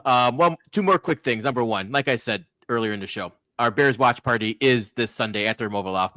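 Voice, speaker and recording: A man closing out a casual sports podcast in a relaxed, chatty way, running through upcoming events. His voice sits at an ordinary middle pitch, and the sound is dry and close. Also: no room sound. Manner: relaxed, joking, reads out plugs. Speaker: podcast host.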